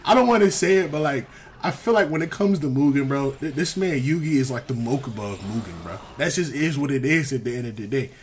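A young man giving casual gameplay commentary, animated and exasperated, full of slang and repeated phrases. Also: medium pitch, fairly quick, a little hiss or hum. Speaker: gaming commentator.

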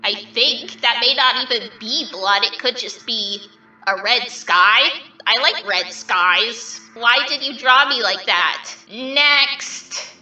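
A woman's voice: fairly high pitch, slow pace, sharp tone, roomy sound, distant mic, heavily acted, poor audio. A woman voicing a vain, mischievous male triangle dream demon who reacts to fan art in a smug, theatrical, mock-offended way.

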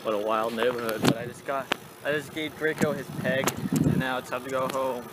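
A man's voice: steady tone, brisk, heavy background noise. A young man talking casually to the camera in a vlog, with playful joking asides. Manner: playful, yells silly catchphrases in a high voice. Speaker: vlogger.

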